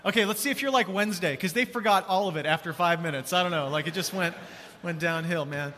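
A man preaching a sermon as pastor, casual and energetic, drawing responses from the congregation. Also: sits high, fast talker. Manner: energetic, conversational, calls for crowd response. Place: large church auditorium. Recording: long church hall reverb.

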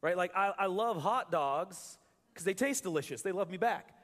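A man's voice: sits high, lively intonation, normal speed, fairly bright tone. A male pastor preaching a sermon to his congregation in a conversational, joking way, often restarting his words. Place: church hall with a live congregation. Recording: reverberant church hall.

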